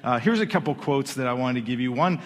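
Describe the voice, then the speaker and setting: A man's voice: mid-range voice, animated, fast. A man preaching a sermon in a church, in a conversational way that often restarts his words. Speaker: pastor. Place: church sanctuary. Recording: long hall reverb.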